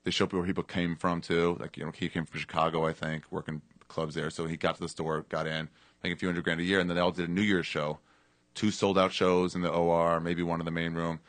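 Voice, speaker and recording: Deep-voiced guy rattling off a story fast, low-key, dry sound. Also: level tone, fairly bright tone, dry recording. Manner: low-key, trailing storyteller, curses casually. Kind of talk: casual chat.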